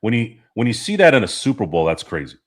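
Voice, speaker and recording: Man, sports stream host, lowish voice, rambling, swears, laughs a lot. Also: sing-song, quick pace. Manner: rambling, profane, laughs often. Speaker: podcast host. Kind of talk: casual sports chat reading live chat.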